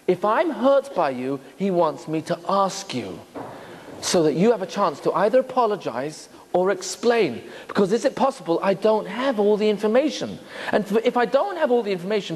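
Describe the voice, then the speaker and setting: A rabbi giving a sermon, telling stories and asking rhetorical questions, acting out quotes as he goes. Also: high voice. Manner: storytelling, asks rhetorical questions, acts out quotes. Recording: reverberant hall.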